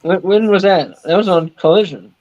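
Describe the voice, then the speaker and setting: A man's voice: sits high, moderate pace, darkish tone. A man co-hosting a wrestling watch-along podcast, chatting bluntly and swearing casually as he reacts. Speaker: podcast co-host. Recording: slightly dull lo-fi stream audio.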